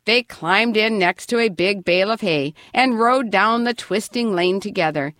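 A woman narrating a children's storybook in an expressive, lively reading voice. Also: medium pitch, normal speed, no room sound, studio quality.

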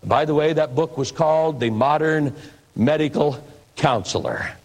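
A man's voice: a little high, expressive, normal speed. A man preaching in a reflective, conversational storytelling manner. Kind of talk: storytelling sermon.

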